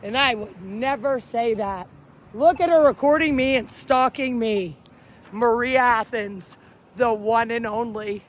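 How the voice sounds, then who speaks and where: A woman's voice: on the high side, a little slow, slight background noise. A woman livestreaming outdoors on a city street at night, talking into her phone in a flamboyant, rambling way and jumping from topic to topic.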